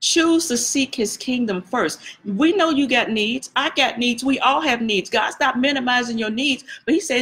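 Woman, prophetess, sermon, high-pitched, conversational, repetitive, addresses congregation. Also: normal speed, few pauses, fairly bright tone. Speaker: prophetess preaching.

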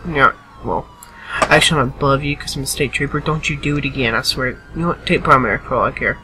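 A man's voice: medium pitch, fast, sharp tone, a little hiss or hum. A tired, yawning man giving casual gameplay commentary and chattily bossing game characters around.

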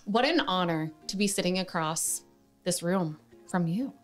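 A woman's voice: fairly low pitch, expressive, unhurried, faint music behind. A woman in her thirties hosting a podcast, talking in a casual, effusive and heartfelt way. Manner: effusive, emotional, heartfelt gushing. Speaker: podcast host. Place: indoor room.

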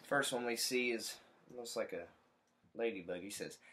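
A male teacher reading a picture book aloud to children, animated, explaining and pointing out the pictures. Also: medium pitch, moderate pace, slight background noise.

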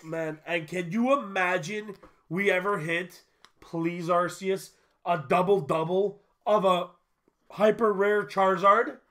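A man's voice: sits high, fairly even intonation, takes it slowly, fairly bright tone. Chatty young man calling out cards. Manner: upbeat, chatty, calls out each card. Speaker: card-opening channel host. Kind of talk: casual pack-opening commentary.

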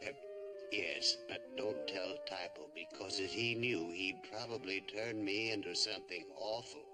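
An actor playing a timid, whimsical servant who talks in a sing-song, fussy, gently eccentric way, with an orchestral score behind him. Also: male voice, low-pitched, moderate pace, music in the background.

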